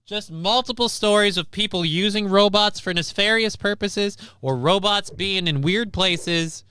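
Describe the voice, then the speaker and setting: A man's voice: high voice, a little slow, sharp tone, smooth, no room sound. Wry man hosting a live stream. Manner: wry, rambling, crude asides. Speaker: stream host. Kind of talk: casual live-stream chat.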